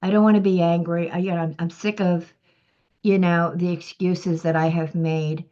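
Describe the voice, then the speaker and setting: A woman giving an earnest, self-critical testimony in a church group discussion, emphatic and often clearing her throat. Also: fairly low pitch, level tone, moderate pace, mellow. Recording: muffled lo-fi recording.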